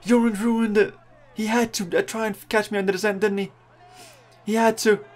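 With a high-sitting voice and a slightly quick pace, an excitable young man who runs a gaming channel casually talks through his gameplay live. He cheers on his riders, groans at setbacks and pleads with rivals, nothing scripted.

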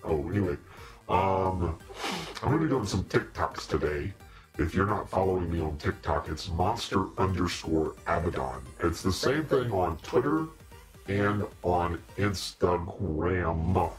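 A man's voice: sits low, lively intonation, unhurried, soft background music. A man in a casual live-stream chat with viewers, playful and mock-preachy, laughing often. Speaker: costumed demon-character livestreamer.

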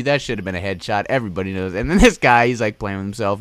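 A man's voice: medium pitch, expressive, brisk, few pauses, a bit bright, no room sound. Rambling young man, dry close mic. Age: young adult. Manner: rambling, joking, crude. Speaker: gameplay commentator. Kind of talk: casual game commentary.

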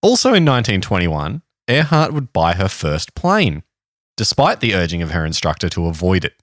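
A man's voice: low voice, huge pitch swings, moderate pace, dry recording, clean studio sound. An Australian man co-hosting a podcast, telling a history story in a casual, joking chat. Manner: reads history notes, jokey asides. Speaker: podcast co-host.

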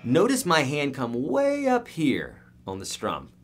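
A man's voice: fairly high pitch, wildly swooping pitch, takes it slowly. A middle-aged man, a guitar teacher on a live stream, answering viewer questions in an upbeat, chatty way and speaking to people by name.

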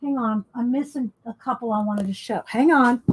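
A woman who hosts an art channel chats casually while showing her books, rambling and thinking out loud. Her voice sits on the high side with a darkish tone. The recording is low quality, with slight background noise.

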